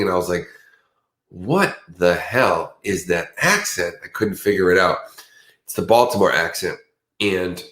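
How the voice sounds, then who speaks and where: A man's voice: deep voice, roomy sound. A man hosting a livestream in casual, rambling chat, chatty and self-mocking. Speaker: livestream host.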